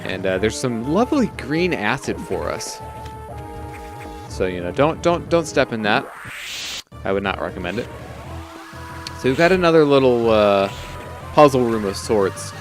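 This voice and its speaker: A young man giving casual, relaxed gameplay commentary, rambling with many fillers. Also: medium pitch, measured pace, pauses often, over music. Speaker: let's play commentator.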